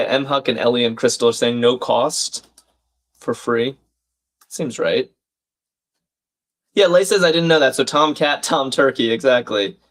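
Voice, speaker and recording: A man hosting a live crossword stream, thinking aloud, reading out viewers' chat comments and laughing often. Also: mid-range voice.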